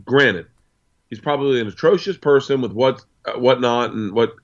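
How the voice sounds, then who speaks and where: A man's voice: mid-range voice, moderate pace. A man, a comedian guest, telling stories in casual chat, swearing freely and acting out both sides of conversations. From United States. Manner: profane, animated storyteller acting out dialogue. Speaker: interview guest, stand-up comedian. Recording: dull lo-fi sound.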